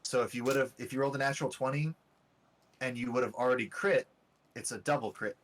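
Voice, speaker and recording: A man's voice: mid-range voice, fairly even intonation, fairly quick, fairly bright tone, slight background noise. A man acting as game master, talking casually and patiently explaining the rules. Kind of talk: casual tabletop game narration.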